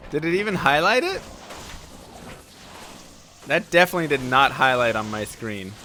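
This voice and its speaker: A man's voice: medium pitch, very animated, moderate pace, pushed and bright, a little hiss or hum. A man streaming live, chatting casually and reacting to viewer messages while gaming, his voice sounding sick.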